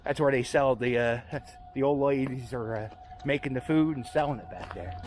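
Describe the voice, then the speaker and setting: A man's voice: medium pitch, normal speed, a little mellow, a little hiss or hum. A man walking outdoors on a city street, chatting casually and rambling as he hosts a walking vlog. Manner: chatty, rambling, self-deprecating. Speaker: vlogger walking tour host.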